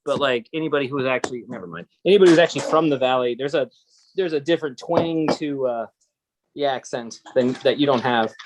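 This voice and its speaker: Guy host rambling on in a chill chat, lively storyteller, drops the odd swear, bit of faint hiss. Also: medium pitch, fast talker. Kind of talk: casual chat.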